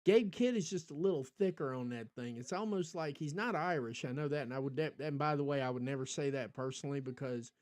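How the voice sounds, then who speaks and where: Talking fast with few pauses, an American podcast host rambles on a livestream, full of ums and restarts as he responds to chat. His voice is mid-range with a darkish tone.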